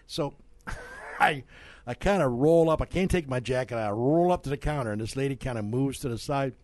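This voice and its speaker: A man's voice: medium pitch, normal speed, dry recording. Chatty middle-aged male radio host. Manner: animated storyteller, laughs mid-sentence. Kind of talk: casual storytelling and sponsor reads. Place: radio studio.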